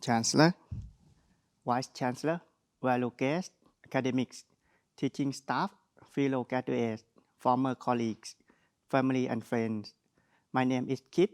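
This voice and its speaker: A man's voice: mid-range voice, steady tone, unhurried, long pauses, a little mellow. Thai-accented young man giving a graduation speech. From Thailand. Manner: earnest, with non-native phrasing. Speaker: graduate speaker.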